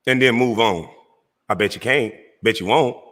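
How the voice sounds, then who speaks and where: A man's voice: medium pitch, moderate pace, fairly bright tone. Man ranting at a rival, echoing room. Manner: heated, mocking, addresses rival directly. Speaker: livestream host. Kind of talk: confrontational call-out rant.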